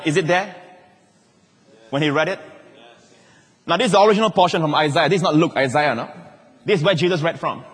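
A male pastor, preaching a lively sermon with jokes and sudden shouted quotes. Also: a little high, fairly quick, long pauses, big-room sound.

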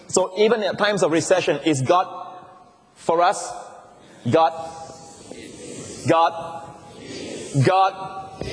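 A male pastor preaching a sermon, leading his congregation in call-and-response and stressing words with emphasis. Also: on the high side. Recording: long reverb of a large hall.

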